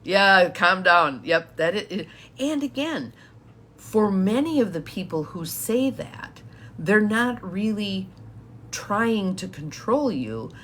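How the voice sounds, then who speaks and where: A woman's voice: medium pitch, animated, takes it slowly, fairly bright tone, a little hiss or hum. A woman coach giving a chatty live-streamed talk to viewers, laughing often as she explains. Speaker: empowerment coach.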